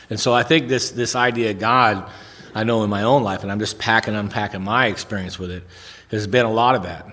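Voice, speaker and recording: A man's voice: on the low side, fairly even intonation, fairly quick, fairly bright tone, in a large hall. A man speaking at a recovery meeting, telling stories earnestly with repetitions and restarts.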